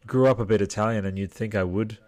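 A man with a low, slightly mellow voice speaks quickly in a steady tone. Hosting a podcast livestream, he reads viewer comments in a chatty, meandering way, tired and swearing freely, recorded via desktop mic with headphones and no room sound.

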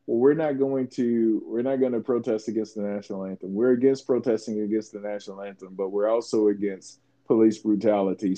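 Mellow-voiced man on a dull podcast mic. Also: lowish voice. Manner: measured, reflective, trails into restarts. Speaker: podcast co-host. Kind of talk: casual conversational podcast.

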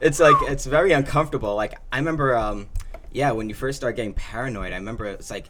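A young man talks in a loose, rambling way, full of fillers and quick laughs. His voice has a bright, forceful edge, while his pitch sits in the ordinary middle range for a man. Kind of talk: casual chat.

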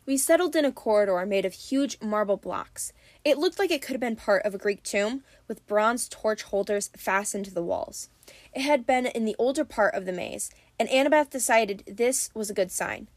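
A woman narrating an audiobook in a steady, measured reading. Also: on the high side, no echo.

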